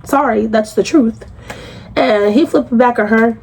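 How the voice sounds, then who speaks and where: A woman talks through a reality show recap. She is blunt and profane. Her pitch jumps high when she sounds incredulous. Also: measured pace, darkish tone, husky. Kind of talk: casual recap commentary.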